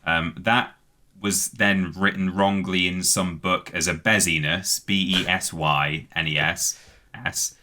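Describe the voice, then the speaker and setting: A man's voice: low voice, fairly even intonation, takes it slowly, sharp tone. A British man co-hosting a podcast, casually reading out facts at length with many "um"s and words spelled letter by letter. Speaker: podcast co-host.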